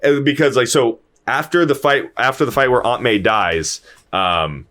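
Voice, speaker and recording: A man's voice: mid-range voice, moderate pace, fairly bright tone. A man casually retelling a film plot as a podcast host, acting out the characters' lines and swearing freely. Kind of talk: casual spoiler chat.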